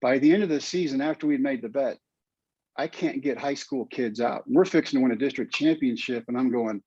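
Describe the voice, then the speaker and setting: A man's voice: mid-range voice, brisk, a little mellow, husky, dry recording. An older man with a Texan drawl tells a story with earnest feeling. His voice sits in a middle register, and the sound is dull and lo-fi with a dry, close feel. He speaks as a podcast guest recalling what moved him. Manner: emotional, earnest storytelling with quoted asides. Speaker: guest, former pitcher and teacher.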